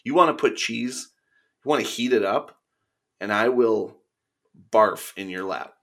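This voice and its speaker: Casual male podcast guest, gravelly voice, flat emphatic refusals. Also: on the low side, a little slow. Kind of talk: casual chat.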